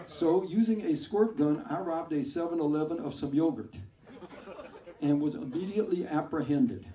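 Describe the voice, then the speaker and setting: Comedian doing a slow, earnest ex-con in an ad. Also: male voice, natural voice. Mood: proud. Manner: slow, loud, earnest pitch. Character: ex-con man doing a slow, proud lawyer ad. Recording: echoey club, far from mic, crowd.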